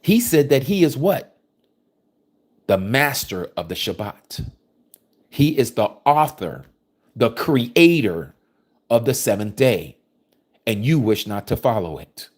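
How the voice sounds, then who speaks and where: A man delivers a sermon, alternating between reading scripture and pressing his listeners with pointed questions. His voice swings widely in pitch, rising and falling with emphasis, in a mid-range register. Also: sing-song, slow pace, pauses often. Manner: forceful, preachy, rhetorical questions. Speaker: preacher.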